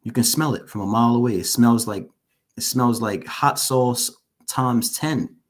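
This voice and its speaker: Male guest, mid-pitched voice, earnest and shaken testimony, repeats lines for emphasis. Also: unhurried. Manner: openly shaken while recounting. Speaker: guest, formerly incarcerated. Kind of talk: personal testimony in an interview.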